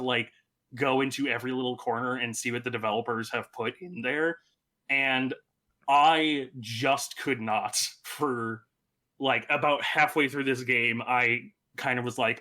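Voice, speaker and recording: A man's voice: mid-range voice, sharp tone. A man co-hosting a podcast, chatting casually and rambling with many fillers. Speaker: podcast co-host. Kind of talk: casual chat.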